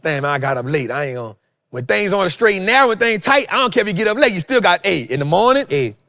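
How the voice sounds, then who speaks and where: A fairly high-voiced man delivers a preachy motivational talk as host. He swings from loud bursts to hushed asides and leans on repetition. The sound is close and dry. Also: fast, no echo. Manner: animated, swings loud and soft, repeats phrases.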